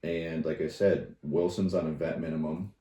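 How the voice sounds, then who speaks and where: A man's voice: extremely low pitch, fairly even intonation, moderate pace, warm tone. A young man co-hosting a casual sports podcast, laid-back and speculative, with many fillers. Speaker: podcast co-host. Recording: roomy echo.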